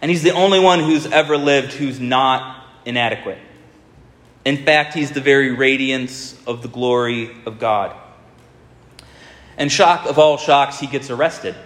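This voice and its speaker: A man preaching a sermon in a storytelling manner, speeding up and slowing right down for emphasis. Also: medium pitch, a bit bright. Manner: storytelling, shifting between fast and drawn-out. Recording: echoey hall with long reverb.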